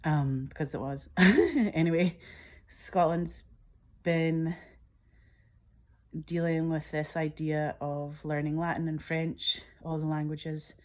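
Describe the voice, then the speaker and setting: A woman's voice: low voice, flat delivery, slow, a little mellow. A woman filmmaker retelling her own screenplay scene by scene, enthusiastic and emotional, often laughing at herself.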